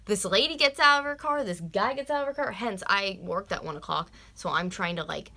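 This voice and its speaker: Her medium-pitched voice is animated, fairly quick, bright, and forceful. She's a vlogger from North America in her twenties, chatting casually on a live stream while she rants, swears freely, fills gaps with "like," and occasionally whispers.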